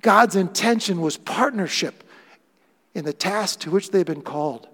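A man preaching a sermon as pastor, animated, acting out quoted lines with playful voices. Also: high voice, gravelly, long reverb tail.

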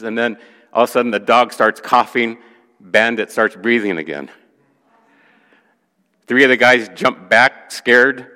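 A man's voice: lowish voice, measured pace, pauses often, in a large hall. A pastor, a man, telling a story from the pulpit, acting out the voices of the people in it. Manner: animated storyteller who acts out quoted voices. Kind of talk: sermon storytelling.

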